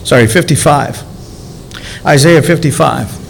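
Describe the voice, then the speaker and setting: A male pastor delivering a sermon in a relaxed, conversational way, with a voice pitched a little high. He often asks the congregation rhetorical questions and slows down to lean on important words. Faint hiss sits under the recording. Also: gravelly, poor audio.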